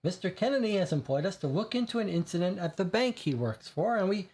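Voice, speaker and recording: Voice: medium pitch, sing-song, fast talker, a little mellow. Reader as young investigator, polite, earnest, lightly raised voice. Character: polite street-smart boy detective, eager.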